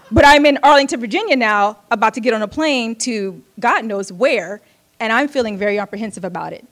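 A woman from Oakland tells a personal story to an audience, candid and wry. She pokes fun at herself with quick asides and laughs through her words. Her voice sits slightly higher than most women's. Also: fairly bright tone. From Oakland, United States.

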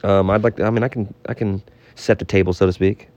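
A man co-hosting a comedy podcast, halting and exasperated as he tries to keep the talk on track. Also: on the low side, steady tone, darkish tone, muffled recording.

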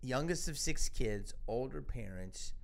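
A man from Philadelphia hosting a podcast, talking in casual chat, animated, swearing and jumping into quoted voices. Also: mid-range voice, measured pace, vocal fry. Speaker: podcast host.

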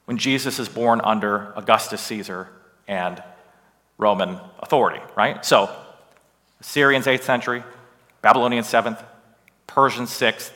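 A male Bible teacher lecturing with slides in an animated, emphatic way, often tossing in a rhetorical "right?". His tone is bright and forceful. A long reverb trails off after each phrase, as in a large hall. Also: mid-range voice.

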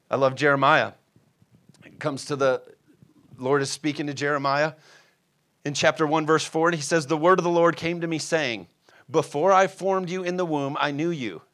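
A man's voice: fairly high pitch, fairly bright tone. A man preaching a sermon in a conversational way, acting out biblical figures with playful asides and checking in with his listeners. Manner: asks the congregation "are you with me?".

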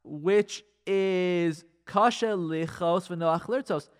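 On the radio, a man teaches a Torah class with a smooth, high-sitting voice at a very slow pace. He poses rhetorical questions, quotes Hebrew and Aramaic sources, and shifts between loud emphasis and quiet asides.

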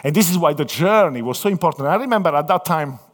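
A man from southern Italy with an Italian accent, preaching a sermon through lively personal stories, acting out the voices in them. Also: fairly high pitch, fast talker. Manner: animated storytelling, acts out voices in quotes. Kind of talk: anecdotal sermon. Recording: long hall reverb.

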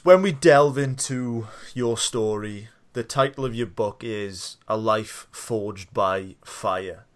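A man hosting a casual interview, telling stories in a lively way and laughing easily. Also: on the low side, takes it slowly, hardly any pauses. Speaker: podcast host.

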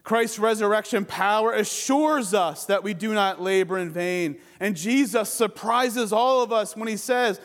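High-voiced preacher in a reverberant hall. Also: male voice. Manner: preaching with rising, emphatic peaks and soft, hushed endings; closing in slow, quiet prayer. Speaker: pastor. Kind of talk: sermon.

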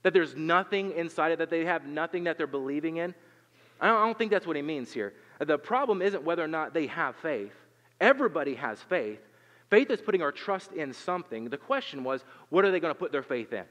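A man's voice: fairly high pitch, lively intonation, a little fast, a bit bright, big-room sound, lo-fi sound. A man preaching a sermon, talking in an earnest, conversational way with rhetorical questions and frequent repeated words. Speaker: pastor.

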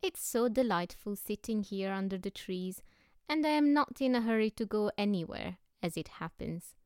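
A woman reading the lines of a mysterious foreign male professor, grave and courteous in an unhurried way. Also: mid-range voice, expressive, a little mellow, clear, resonant tone, dry recording, studio quality, natural voice. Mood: composed.

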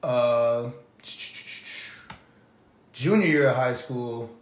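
A man chatting casually on a podcast, halting and full of ums as he recalls things. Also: medium pitch. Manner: hesitant, halting, lots of ums. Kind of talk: casual chat. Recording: roomy echo.

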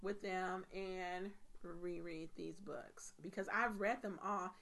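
A woman co-hosting a casual podcast chat, animated and joking, swearing now and then. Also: on the low side, takes it slowly, creaky. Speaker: podcast co-host.

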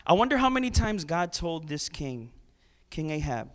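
A man preaching a sermon in an animated, conversational way, with sarcastic asides and repeated words. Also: a little high, moderate pace.

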